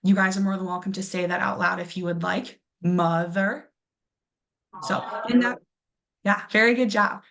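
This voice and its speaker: A young woman teaches a pronunciation lesson in a patient, encouraging way. She drawls words slowly so the class can copy them, with frequent ums as she goes. Her pitch sits in a middle range. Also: gravelly, fairly bright tone. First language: English. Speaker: English teacher.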